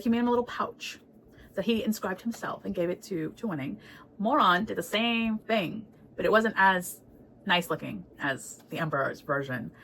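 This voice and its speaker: A woman's voice: fairly low pitch, fairly bright tone, slight background noise, poor audio. A woman giving a casual, chatty book recap, laughing often and swearing freely. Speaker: book reviewer.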